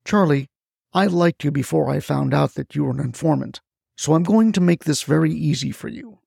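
Man playing a scheming mogul, calm and smooth, gravelly, a bit high, dry sound. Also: normal speed, no room sound, full character voice. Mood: fatalistic. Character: scheming male landfill mogul, calm and fatalistic.

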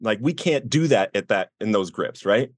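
A man's voice: expressive, normal speed, slightly rough, no room sound, studio quality. Earnest man telling a recovery story. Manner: earnest, acts out quoted voices with rising pitch. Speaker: guest sharing recovery story. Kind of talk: emotional personal storytelling.

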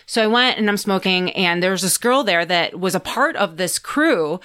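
A woman's voice: mid-range voice, animated, moderate pace, a bit bright. A woman guest on a podcast, telling a story in a casual chat, acting out what people said and swearing freely. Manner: chatty, acts out her own and others' lines, swears freely.

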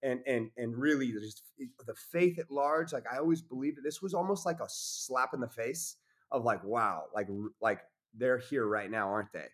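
A man's voice: mid-range voice, normal speed, fairly bright tone. A man talking as a podcast guest in casual conversation, intense and preachy, swearing freely.

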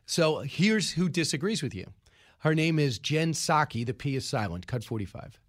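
Man hosting a talk show, kinda high voice, stops and restarts a lot. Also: lively intonation, moderate pace. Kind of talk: casual talk show banter.

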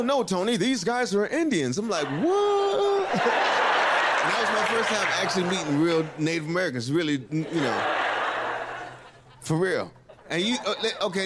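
A man doing a stand-up comedy set, telling a loose, animated story full of profanity and acted-out quotes. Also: fairly high pitch. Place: stage before a live audience. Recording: live club recording with loud crowd noise.

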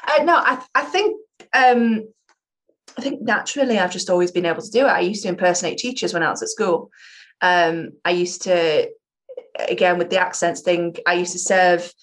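A young woman who performs improv, chatting in an interview with a slightly low voice. She talks in an animated, rambling way and likes to poke fun at herself. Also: moderate pace. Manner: chatty, animated, self-mocking. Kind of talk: casual interview chat.

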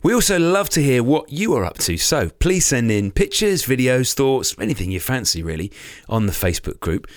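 A man's voice: medium pitch, very animated, moderate pace, no echo, studio quality. A man hosting a cycling club podcast in an upbeat, chatty way. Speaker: podcast host, club chairman. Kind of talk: casual podcast chat.

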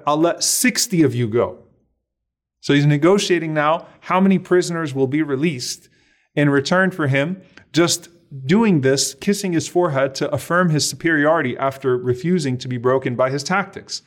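Man telling a dramatic sermon story. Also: medium pitch. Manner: dramatic storytelling, acts out dialogue, sprinkles Arabic phrases. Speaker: Islamic preacher.

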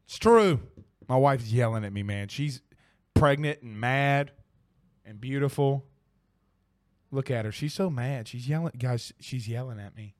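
A man's voice: medium pitch, measured pace, long pauses, no room sound, clean studio sound. A young man hosting a casual sports podcast, exclaiming and swearing as he reads viewer comments. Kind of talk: casual live-stream chat.

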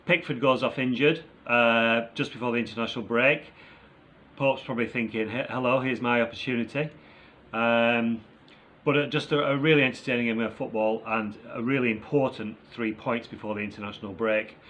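A man's voice: medium pitch, fairly even intonation, brisk, fairly bright tone, muffled recording. A man co-hosting a casual football chat, reviewing a match in an upbeat, chatty way with plenty of fillers. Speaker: football podcast co-host.

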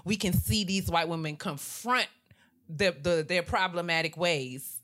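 A woman's voice: lowish voice, unhurried, fairly bright tone. A woman in a casual chat, laying out her points thoughtfully and checking in with tag questions.

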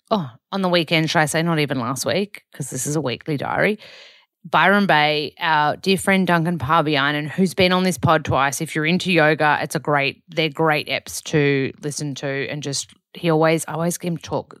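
A woman's voice: deep voice, a bit bright, no room sound, studio quality. An Australian woman hosting a podcast, chatting casually through a weekly diary and often correcting herself. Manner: chatty, rambling with self-corrections. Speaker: podcast host.

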